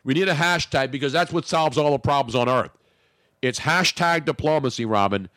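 A man's voice: medium pitch, a little fast, a bit bright, no echo, studio quality. A man hosting a talk radio show, bantering in a brash, joking way with crude asides.

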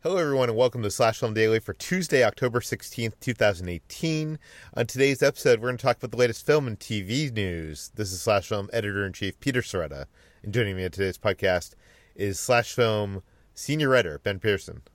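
Low-voiced man hosting a podcast. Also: brisk, no echo. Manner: relaxed, laughs often, many fillers. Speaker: podcast host, editor-in-chief. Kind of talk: casual podcast chat.

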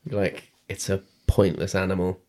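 A man's voice: deep voice, little pitch movement, normal speed, a little mellow. A British man co-hosting a casual podcast, talking bluntly and swearing freely. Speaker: podcast co-host. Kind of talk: casual chat.

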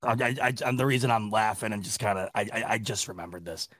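A man hosting a sports reaction podcast talks casually, rambling and exasperated, with lots of restarts and laughter, at times laughing to tears. His lowish voice is fast and a bit bright, captured at studio quality with no room sound.

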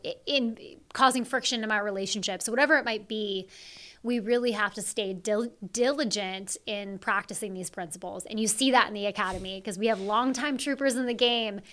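A woman's voice: mid-range voice, pushed and bright. A woman executive, a guest on an interview podcast, speaking earnestly and with emphasis. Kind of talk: conversational interview.

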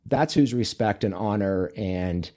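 A man's voice: lowish voice, unhurried, warm tone. A man who is a men's coach and author, guest on an interview show, telling stories in a casual, earnest, rambling way.

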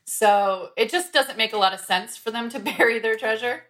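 A woman giving a steady, informal explanation in a casual podcast conversation. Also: a little high, moderate pace.

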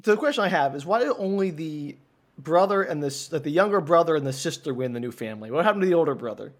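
A man's voice: on the high side, animated, fast talker. A man guesting on a podcast, chatting casually with dry, quizzical remarks. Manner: quizzical, dry, asks lots of questions. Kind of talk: casual chat.

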